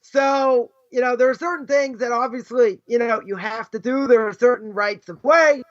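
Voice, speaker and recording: A middle-aged American rabbi, his voice extremely high and his pace normal, teaches a casual, conversational lesson. He fills it with rhetorical questions, "right?" and "you know," all on a dull lo-fi recording.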